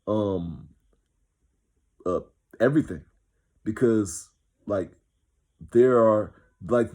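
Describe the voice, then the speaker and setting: A man's voice: mid-range voice, darkish tone, slightly rough. A man giving a casual, rambling spoken teaching who keeps checking in with his listeners. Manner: many fillers and restarts. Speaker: online Bible teacher.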